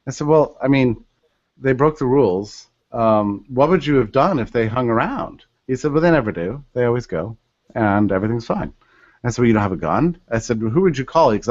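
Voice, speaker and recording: A man's voice: medium pitch, fairly quick, dry recording, dull audio. A man telling a story as a podcast guest, acting out the voices of the people he quotes. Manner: animated, acts out quoted voices.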